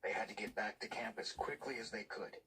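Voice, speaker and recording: A man reading a novel aloud in a hushed, breathy whispered storytelling voice. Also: fairly low pitch, fairly even intonation, fairly quick. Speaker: narrator. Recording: distant mic with loud background noise.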